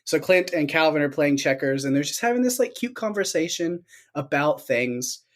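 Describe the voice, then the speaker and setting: A man's voice: fairly high pitch, normal speed. Laughing male podcast co-host. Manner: animated, laughs often, acts out quotes. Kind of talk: casual chat recapping a film.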